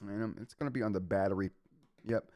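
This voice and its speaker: A man's voice: lowish voice, fast, warm tone, dry recording, clean studio sound. A man hosting a live tech show in a casual way, reading update notes aloud and reacting to the chat.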